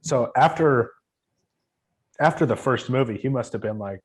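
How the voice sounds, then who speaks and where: A man chatting as a podcast guest, agreeable and quick to laugh. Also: medium pitch. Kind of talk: casual chat.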